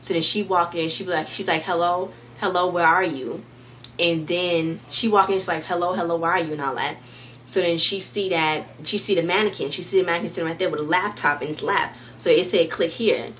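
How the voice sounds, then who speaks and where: A woman's voice: lowish voice, brisk, a bit bright, slight background noise. Rambling woman recapping a TV episode. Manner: rambling, repeats and restarts while retelling the plot; talks directly to viewers. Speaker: TV review vlogger. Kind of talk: casual spoken episode recap.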